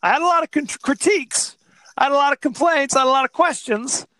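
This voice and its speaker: A man co-hosting a podcast in casual chat, animated and laughing as he retells scenes. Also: extremely high pitch, fast talker, no room sound. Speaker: podcast co-host.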